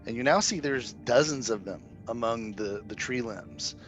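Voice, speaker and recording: A man's voice: mid-range voice, normal speed, faint music behind. A man narrating as game master of a tabletop game, rambling with frequent fillers and restarts. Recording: dull lo-fi audio.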